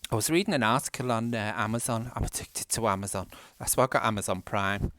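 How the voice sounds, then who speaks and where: A man's voice: fairly low pitch, fast, fairly bright tone, slight background noise. A man with a Manchester accent chatting casually while playing a game at home, rambling, self-mocking and laughing often. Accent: Mancunian English. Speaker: gaming vlogger. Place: indoors at home.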